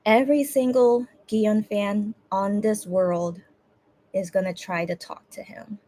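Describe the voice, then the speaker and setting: A woman's voice: mid-range voice, fairly even intonation, takes it slowly, dark tone, slight background noise. A young woman hosting a casual livestream chat. She hesitates and restarts often and sounds close to tears. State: teary, on the verge of crying. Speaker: livestream host.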